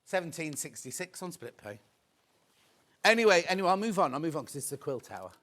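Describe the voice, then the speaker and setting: A British man presents live on a TV shopping channel with his voice sitting fairly high. His pitch swings widely as he chats, counts down stock and teases the crew. He sounds excitable and talkative. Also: fast talker. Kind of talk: live TV shopping sales patter. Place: TV studio.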